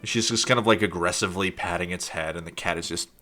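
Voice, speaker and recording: Low, bright-toned male game master. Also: fast talker. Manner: relaxed, filler-heavy. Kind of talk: running a tabletop game.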